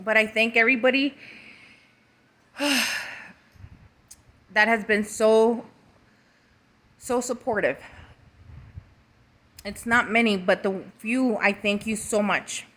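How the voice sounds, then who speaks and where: Bright-voiced emotional mom vlogger. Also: female voice, on the high side, fairly even intonation, slow pace, pauses often. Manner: emotional, swears freely, talks straight to viewers. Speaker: mother and vlogger. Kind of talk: casual emotional vlog update.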